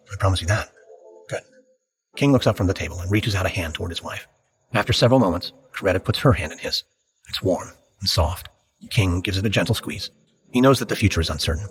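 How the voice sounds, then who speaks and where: A man narrating a scripted history drama podcast in a measured, dramatic storytelling manner. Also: sits low, slight background noise.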